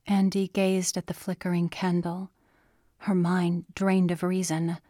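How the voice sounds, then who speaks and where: A woman narrating an audiobook in a soft, often whispery delivery. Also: lowish voice, flat delivery, measured pace, dry recording, studio quality.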